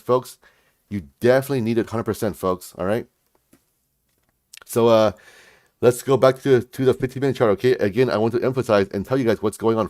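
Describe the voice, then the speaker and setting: A man's voice: mid-range voice, darkish tone, no echo, clean studio sound. A man hosting a livestream, giving hyped market commentary in a pumped, repetitive way, with constant check-ins to his viewers. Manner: pumped, repetitive, keeps saying "folks, all right?". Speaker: livestream host.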